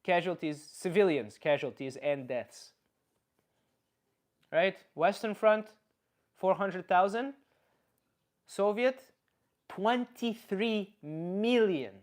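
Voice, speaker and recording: Man, live stream chatter, rambling and profane, slightly high voice. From Canada. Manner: rambling, profane, reads chat aloud. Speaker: comedian streamer. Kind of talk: casual live stream chat.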